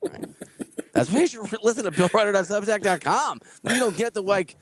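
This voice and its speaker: A man hosting a casual podcast who tells stories in a lively way, laughs often and acts out the people he quotes. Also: high voice, a little fast, slightly rough, no room sound. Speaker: podcast host. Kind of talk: casual storytelling chat.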